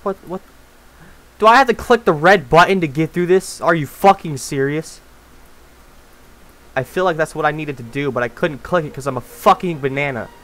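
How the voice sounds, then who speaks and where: A young man doing rage gameplay commentary, cursing, pleading with and shouting at the game, from low mutters to loud yells. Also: normal speed. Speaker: gaming YouTuber. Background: game music.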